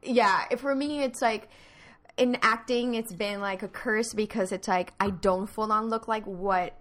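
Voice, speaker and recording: A woman's voice: mid-range voice, steady tone, fairly bright tone. A woman from Puerto Rico with a Spanish accent, an improv actor chatting casually and restarting her sentences often. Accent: Puerto Rican Spanish. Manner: halting, full of fillers and restarts. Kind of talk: casual chat.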